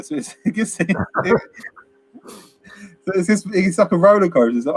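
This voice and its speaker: A man's voice: sits high, a little fast, no room sound. A man co-hosting a casual film review chat, rambling and laughing as he acts out quotes. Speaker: podcast co-host.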